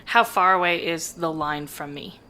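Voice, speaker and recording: A woman's voice: fairly low pitch, fairly even intonation, moderate pace, sharp tone, slight background noise. A woman playing a tabletop role-playing game, chatting casually with the game master about her character's moves. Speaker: player.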